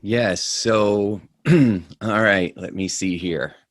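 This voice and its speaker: Casting note: a male webinar speaker, lively storytelling delivery. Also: fairly low pitch, drawn-out words, no echo. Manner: animated storyteller. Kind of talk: storytelling talk.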